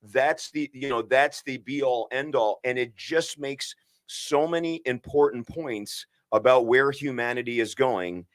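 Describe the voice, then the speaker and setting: A man's voice: mid-range voice, a little slow, dry recording, clean studio sound. A man co-hosting a podcast as a physician, speaking earnestly and emphatically, often restarting his sentences. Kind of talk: impassioned podcast conversation.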